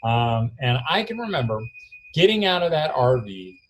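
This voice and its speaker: A middle-aged man telling a story in a keynote talk, recorded alone in his barn, acting out his own quotes loudly. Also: mid-range voice, sing-song, normal speed. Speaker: homeschool speaker. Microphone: self-recorded camera.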